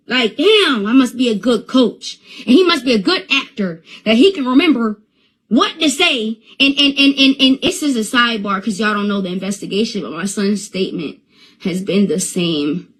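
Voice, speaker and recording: A woman's voice: fairly high pitch, lively intonation, normal speed, fairly bright tone, husky, poor audio. A young woman on a phone live stream, talking in an agitated rant that stammers and repeats itself.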